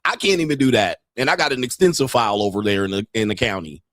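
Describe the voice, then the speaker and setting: A man's voice: on the low side, quick pace, fairly bright tone, no room sound, clean studio sound. A man hosting a commentary show, reacting bluntly and mockingly with profanity and laughter. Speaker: podcast host.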